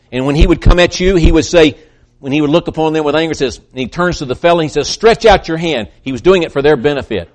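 A man preaching a sermon, swinging between loud emphatic peaks and hushed, soft passages, often repeating words as he builds. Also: mid-range voice. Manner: repeats words when excited.

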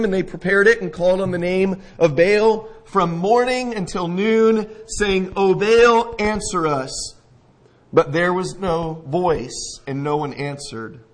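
A man's voice: sits high, low-quality recording. A man preaching a sermon, retelling a scripture story vividly and asking his listeners questions. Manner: storytelling, asks listeners questions, acts out scenes. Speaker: pastor.

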